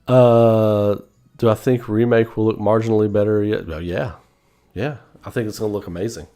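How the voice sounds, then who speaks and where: Animated man chatting about games. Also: lowish voice, moderate pace. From Southern United States. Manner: animated, rambling, responds to chat, laughs often. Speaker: online gaming commentator. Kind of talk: casual livestream chat.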